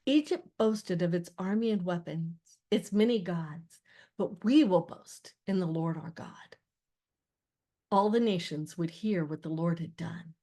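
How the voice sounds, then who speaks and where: A woman's voice: on the low side, a little slow. Older woman reading a novel aloud. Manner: expressive reading that rises for quoted shouts. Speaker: audiobook reader. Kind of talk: scripted narration of a novel.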